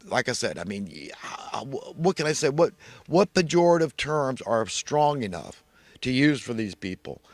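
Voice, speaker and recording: A man's voice: mid-range voice, sing-song, moderate pace, dry recording. A man delivering an emphatic, repetitive solo rant. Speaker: vlogger.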